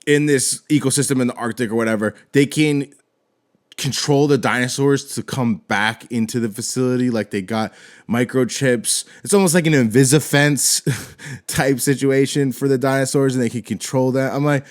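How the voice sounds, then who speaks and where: A man's voice: medium pitch, steady tone, moderate pace. A man hosting a solo film-review podcast, ranting with constant swearing, exasperated and rambling with frequent restarts.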